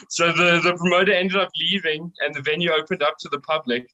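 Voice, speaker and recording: A young man from South Africa tells a rowdy tour story as a podcast guest, laughing and swearing along the way. His voice sits a little high and sounds bright and forceful. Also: a little fast, low-quality recording. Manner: excitable, swears a lot, laughs often. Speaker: band vocalist, guest. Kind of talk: casual storytelling.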